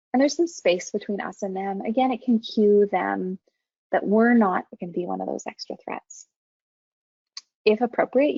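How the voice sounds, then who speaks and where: A university counseling instructor gives an online webinar training lecture, calm, measured and gentle, in a slightly high, mellow, somewhat raspy voice with frequent vocal fry. The recording is dry and dull with a lo-fi webinar quality and no room sound.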